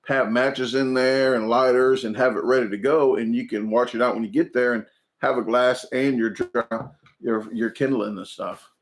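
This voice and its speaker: A man in his forties hosting a casual livestream, talking haltingly with many ums and restarts as he chats and answers viewer comments. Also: medium pitch. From United States. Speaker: food channel livestream host.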